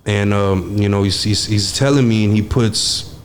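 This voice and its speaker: A man's voice: on the low side, fairly even intonation, normal speed, slight background noise. A young man, telling stories as a guest in a casual interview, laid-back and streetwise, swearing freely and using many fillers. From Texas. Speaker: guest, studio engineer.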